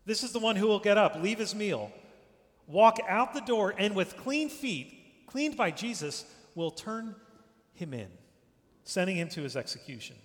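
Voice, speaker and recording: Man, preacher, sermon, fairly high voice, emphatic, trailing to a hush, long hall reverb. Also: very animated, measured pace. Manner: emphatic, repeats phrases, drops to a hush at line ends.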